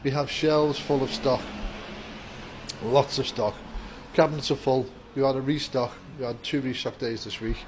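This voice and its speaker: This casual vlog features a vape shop worker saying hello to viewers and chatting upbeat and rambling to camera from inside the store. His voice is mid-range and steady at a moderate pace. The door is open, faint music plays, and the background is noisy.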